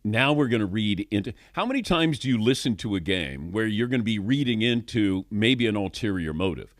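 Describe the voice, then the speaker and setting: Lively-voiced male sports talk host. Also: lowish voice, brisk, dry recording, clean studio sound. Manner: animated, chatty, laughs often.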